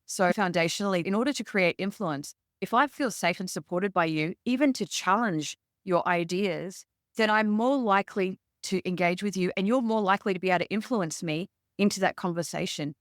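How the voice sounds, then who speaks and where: A woman with an Australian accent, a leadership expert guest telling stories in a relaxed interview and acting out quotes as she goes. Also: medium pitch, a little fast, no room sound, studio quality. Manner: lively, acts out quotes in her stories. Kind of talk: conversational interview storytelling.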